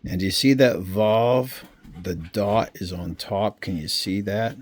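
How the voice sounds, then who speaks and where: A man giving an informal Bible lesson, explaining slowly and checking in often with his listeners. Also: lowish voice, a little mellow. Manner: slow, unhurried explaining with frequent check-ins. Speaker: Bible teacher. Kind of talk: informal screen-share teaching.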